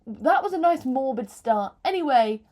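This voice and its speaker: A woman's voice: high-pitched, lively intonation, normal speed, a little mellow. A woman in her twenties talking casually to camera from her bedroom floor as a book vlogger, rambling, joking at her own expense and swearing freely. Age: 20s. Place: bedroom floor, hot room.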